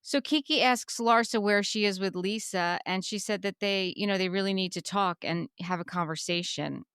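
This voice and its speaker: A woman co-hosts a casual podcast, recapping scenes in a chatty, emphatic way. Her voice is smooth and clear at a mid pitch. The sound is close and dry. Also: normal speed, fairly bright tone, no room sound. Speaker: podcast co-host recapping a reality show. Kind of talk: casual chat.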